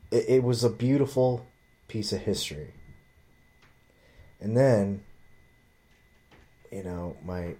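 A man with a lowish, warm, dark voice tells a story in a loose, rambling way. He swears often and jumps into other people's voices when quoting them. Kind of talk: casual storytelling.

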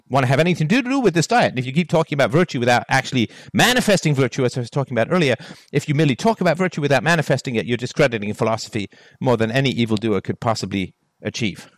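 A man delivering a solo monologue on virtue and relationships, firing off rhetorical questions with emphatic, animated delivery. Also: medium pitch, racing, hardly any pauses, dry recording, studio quality. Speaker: philosophy talk host.

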